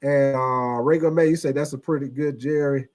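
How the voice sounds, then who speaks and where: A man hosting a casual sports livestream, talking in an animated, slangy way and reading out viewer comments. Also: medium pitch, moderate pace. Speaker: host.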